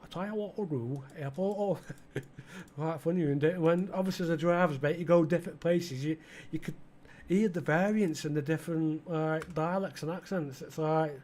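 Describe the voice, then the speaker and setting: A man's voice: a little high, normal speed, darkish tone. Chatty East Midlands man, rambling. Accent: East Midlands English. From English Midlands. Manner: rambling, chatty, full of fillers, talks to game customers. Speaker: gaming channel host. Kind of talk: casual let's-play commentary.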